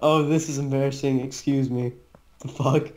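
A woman's voice: very deep voice, fairly even intonation, moderate pace, darkish tone. A woman chatting while playing a co-op game, laughing often and protesting when teased. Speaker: gamer teammate. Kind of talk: casual gaming chat.

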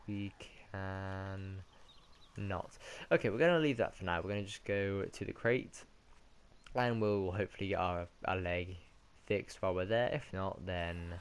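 A gaming commentator with a British accent and a low-pitched, creaky voice gives casual let's-play commentary, rambling and correcting himself as he goes.

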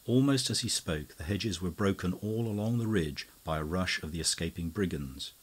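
A man narrating a classic mystery audiobook in a measured, low-key manner. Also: expressive, slightly rough. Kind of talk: scripted narration.

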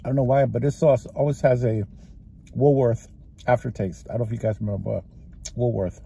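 A man's voice: mid-range voice, steady tone, a little fast, vocal fry, dark tone, slight background noise. A man with a Texas-sounding drawl vlogging casually as he eats in his parked car, rambling and chatty, talking between bites. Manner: rambling, chatty, talks while chewing. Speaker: food vlogger. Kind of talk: casual eating vlog. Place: parked car with engine running.

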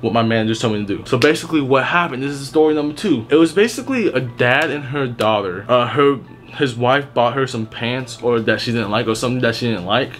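A man's voice: medium pitch, expressive, brisk, a bit bright, soft background music. A young man telling work stories in a casual vlog, blunt and heavily profane, rambling with restarts. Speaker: retail worker telling stories.

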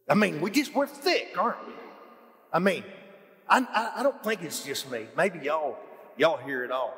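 A man preaching a folksy, animated sermon to his church, full of emphatic questions. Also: a little high, moderate pace, long reverb tail. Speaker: pastor. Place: church hall.

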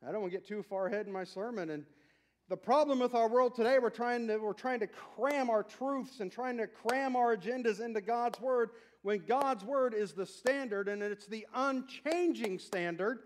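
High-voiced pastor preaching emphatically. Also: male voice, moderate pace. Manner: emphatic, rising to near-shouts on key points; chatty asides to the congregation. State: out of breath. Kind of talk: sermon.

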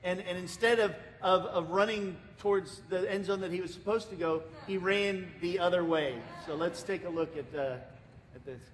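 An American man preaching a sermon as pastor, telling a story with lots of repeated words and restarts. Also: normal speed. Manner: lively storytelling, acting out the people in it. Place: church sanctuary. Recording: reverberant church hall, faint rumble.

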